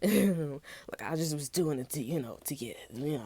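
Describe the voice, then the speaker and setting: A woman with a low, mellow voice gives a casual tarot reading. She rambles along in loose slang, swearing freely as she talks straight to her viewers. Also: lively intonation, moderate pace, few pauses, husky, dry recording. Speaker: tarot reader.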